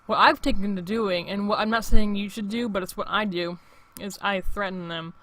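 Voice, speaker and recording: A man's voice: high voice, fairly even intonation, normal speed, pushed and bright. A young man in his late teens, hosting his own show in a rambling, profane casual monologue full of restarts. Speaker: show host.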